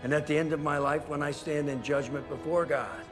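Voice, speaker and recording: An actor playing a weary older father figure who speaks slowly and earnestly in a dramatic TV scene. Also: fairly high pitch, steady tone, over music, natural voice. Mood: earnest, solemn. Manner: slow, measured, earnest speech. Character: weary older father, stern but principled. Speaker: patriarch figure in a TV series.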